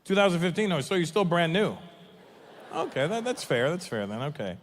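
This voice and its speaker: A man's voice: sing-song, a little fast. Wry man quizzing an audience member. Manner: wry, low-key questioning. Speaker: comedian chatting with audience. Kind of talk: crowd work. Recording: hall reverb with faint noise.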